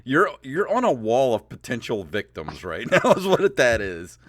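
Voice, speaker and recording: A man's voice: medium pitch, huge pitch swings, normal speed, fairly bright tone. A man co-hosting a comedy podcast, making laid-back, sardonic remarks in casual banter. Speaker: podcast co-host.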